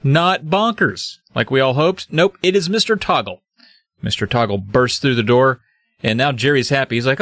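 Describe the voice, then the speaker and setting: A man's voice: mid-range voice, moderate pace, no room sound, clean studio sound. A man recapping a spooky kids' book with jokes, acting out the characters as he goes. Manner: animated, acts out voices mid-story. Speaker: podcast co-host.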